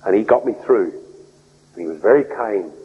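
A man preaching a sermon, swinging between loud raised outbursts and low, soft lines. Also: lively intonation, unhurried, breathy edge. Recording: tinny phone-like radio broadcast in a hall.

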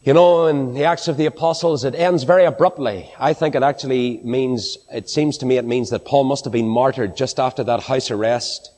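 A man preaching a sermon to a congregation, swinging from high, ringing exclamations down to low, hushed phrases. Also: a little fast, hardly any pauses. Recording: long hall reverb.

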